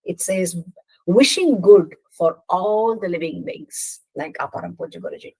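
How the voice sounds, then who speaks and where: A woman with a soft, slightly husky, lowish voice tells a scripture story in a devotional talk. She is earnest and puts gentle stress on the characters' lines. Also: animated, unhurried, rough recording. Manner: earnest, retells dialogue with gentle emphasis. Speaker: scripture speaker.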